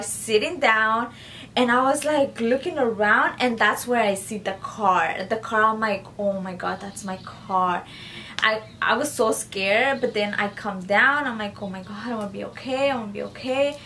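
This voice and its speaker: A woman's voice: on the high side, bright, forceful tone, slight background noise. A young woman vlogger recounting a personal story in a casual, rambling way, with many fillers and repeated phrases, subdued after an injury.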